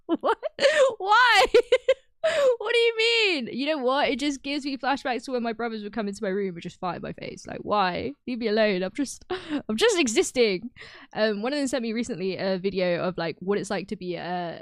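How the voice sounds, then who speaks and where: A woman's voice: a little high, dry recording, studio quality. A young woman streaming, chatting casually with her viewers, bubbly and giggly, often breaking into laughter. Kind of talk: casual chat with live chat.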